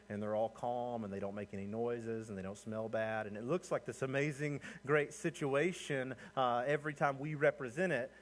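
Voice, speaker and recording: A man preaching a sermon in a conversational, storytelling way, often asking the listeners to imagine the scene. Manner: conversational, rising in pitch and energy as he builds points. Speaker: pastor.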